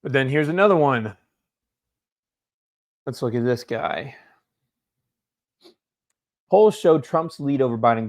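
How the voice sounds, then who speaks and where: A man casually commenting on political news, reading articles aloud in quick bursts and then stopping for drowsy, low-key asides. His pitch sits in the middle of the usual male range, and he yawns from time to time.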